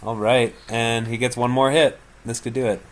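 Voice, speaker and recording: Easygoing guy running the tabletop game, mid-pitched, jokes around. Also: steady tone, moderate pace. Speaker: game master.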